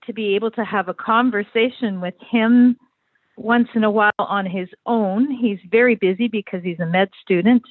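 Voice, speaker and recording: An older woman from Canada calling into an advice show, speaking hesitantly with many pauses and restarts. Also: mid-range voice, dry recording. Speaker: caller. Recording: tinny phone line.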